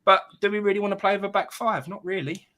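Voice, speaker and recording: A man's voice: sits high, steady tone, fast talker, sharp tone. A man giving a post-match fan reaction, talking emphatically and throwing in rhetorical questions. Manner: emphatic, keeps saying mate and asks rhetorical questions. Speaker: football fan pundit.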